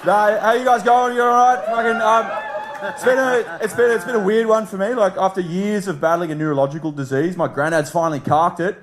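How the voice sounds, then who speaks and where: A young Australian man with a high voice doing a stand-up set. He swears and grumbles in a self-deprecating way. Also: steady tone, brisk, a crowd in the background. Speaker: stand-up comedian.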